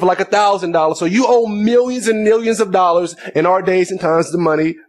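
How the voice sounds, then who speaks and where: A man with a noticeably high voice preaches a sermon. He reads scripture aloud, then breaks into plain, conversational explanation, often repeating words and restarting his phrases.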